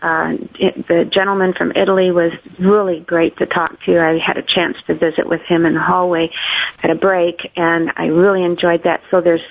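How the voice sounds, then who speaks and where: A woman's voice: fairly low pitch, level tone, moderate pace, creaky. Older woman calling in over a phone line. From Idaho, US. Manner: earnest, grateful. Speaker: radio caller. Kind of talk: phone-in testimonial.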